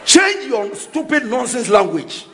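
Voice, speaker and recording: A man preaching a sermon in an animated way, shouting and mocking people's voices. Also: extremely high pitch, measured pace.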